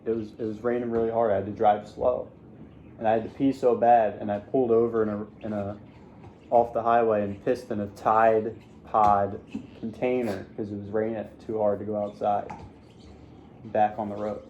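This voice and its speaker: A man's voice: lowish voice, flat delivery, moderate pace, mellow. A young man chats casually alongside the host and fills in details of the story, using plenty of fillers. His voice sits in a middle range. The recording sounds slightly muffled, with a faint hum behind it. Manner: chatty, adds details with fillers. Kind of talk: casual chat.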